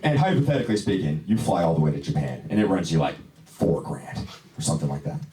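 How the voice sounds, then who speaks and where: A man's voice: rumbling low, sing-song, fast talker. A young man doing a stand-up comedy set in a small lounge, rambling in a laid-back way with plenty of "dude" and "you know". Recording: echoey club, distant mic, loud crowd.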